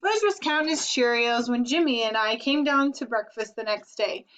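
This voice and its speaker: A woman narrating a children's chapter book aloud in a lively, expressive way. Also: fairly high pitch, moderate pace. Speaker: audiobook reader. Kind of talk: storybook narration. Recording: dull lo-fi recording.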